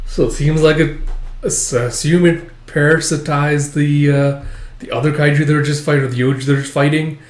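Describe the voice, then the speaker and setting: A man's voice: on the high side, flat delivery, normal speed. A man casually reading through a comic chapter, rambling and using lots of filler words. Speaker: manga chapter reviewer. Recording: echoey room.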